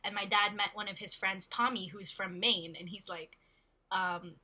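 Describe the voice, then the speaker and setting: A woman's voice: medium pitch, steady tone, normal speed, bright, forceful tone. A young woman from the Philippines, co-hosting a casual podcast and chatting with eager agreement. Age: young adult. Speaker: podcast co-host. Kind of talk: casual chat.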